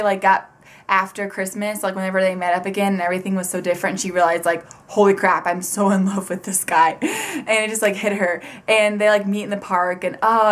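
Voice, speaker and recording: A young woman with a medium-pitched voice reviews a book for her casual vlog, gushing and rambling excitedly with plenty of filler words.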